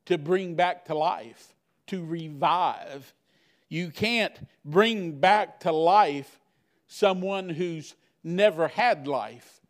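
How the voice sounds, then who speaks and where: A man preaching a sermon as pastor, building intensity through repeated rhetorical questions. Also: high-pitched.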